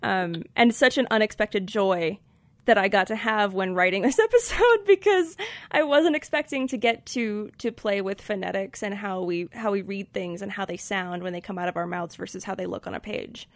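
A woman's voice: mid-range voice, moderate pace, no room sound. A woman from Colorado with an American accent, hosting a podcast, chatting thoughtfully and reading poetry aloud. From Colorado, USA. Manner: thoughtful, with fillers. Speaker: podcast host. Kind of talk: casual chat and poetry reading.

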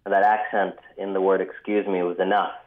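Male author guest, low voice, measured with ums, phone-line audio. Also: level tone. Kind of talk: radio interview storytelling.

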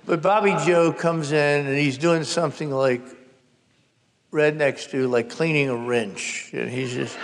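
Speaking a little slowly in a steady, high-ish voice, a novelist guest in his sixties shares a comic, wry family story. The live public conversation was recorded in a reverberant hall.

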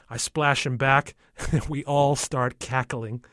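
A man narrates a first-person story in a calm, measured way. His voice is mid-pitched and close to the mic, with a dry sound. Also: no echo. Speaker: audiobook narrator.

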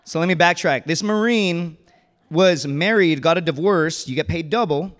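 A man's voice: a little high, moderate pace, a bit bright. A man doing stand-up storytelling on a live stage, rambling and conversational with lots of fillers, chuckling at his own story. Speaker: stand-up comedian. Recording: reverberant hall.

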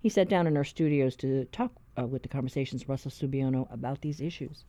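Mellow-voiced public radio host, a woman. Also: rumbling low, no room sound. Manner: measured, halting with fillers in chat.

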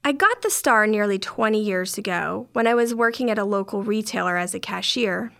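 A woman's voice: medium pitch, lively intonation, a little fast, vocal fry, bright, forceful tone. A middle-aged woman narrating a first-person story in a dry, wry way.

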